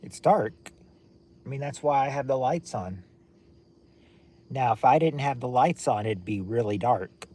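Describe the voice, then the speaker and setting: Speaking in a medium-pitched, darkish voice, this American livestream host is expressive and measured, pausing often. He rambles chattily with live viewers at night from his lit-up home, frequently starting his sentences over.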